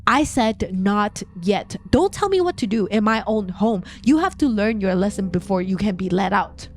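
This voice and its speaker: A woman voicing a calm, cruel, controlling husband who speaks quietly and flatly. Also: medium pitch, normal speed, lightly acted. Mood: stern. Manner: quiet, flat, chillingly calm.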